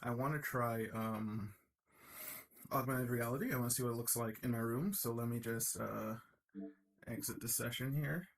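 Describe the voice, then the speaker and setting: A man talking casually while live-coding, excitable and enthusiastic, thinking aloud as he works in his home studio. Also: mid-range voice, normal speed, vocal fry. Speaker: developer live-coding a project. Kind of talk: casual live-stream commentary. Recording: loud steady hiss over the voice.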